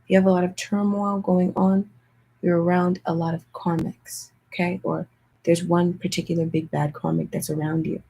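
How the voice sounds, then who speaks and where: A young woman tarot reader chatting casually with viewers in a hushed, half-whispered voice, often calling out to them directly. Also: on the low side, flat delivery, moderate pace, gravelly, husky, rough recording. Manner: chatty, keeps addressing viewers as "you guys". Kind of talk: casual livestream tarot chat.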